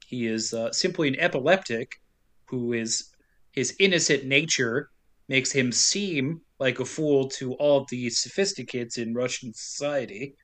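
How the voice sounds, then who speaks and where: A young man co-hosting a casual comedy podcast, recapping a story with jokes and quick silly voices. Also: mid-range voice, a bit bright. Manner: jokey, does quick silly voices for characters, laughs often. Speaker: podcast co-host.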